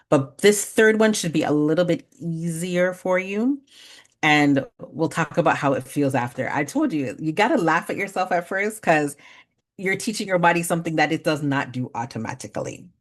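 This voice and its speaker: A woman in her forties leading a parenting workshop, talking conversationally, laughing at herself and slowly counting out breathing exercises. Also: deep voice, expressive. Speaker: workshop facilitator. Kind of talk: guided breathing exercise and storytelling talk.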